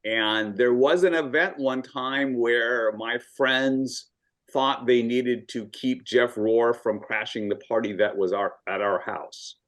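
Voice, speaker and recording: A man in his sixties from Southern California, a guest telling stories in a measured, thoughtful way with frequent ums. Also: mid-range voice, steady tone, a bit bright. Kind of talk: casual video-call conversation.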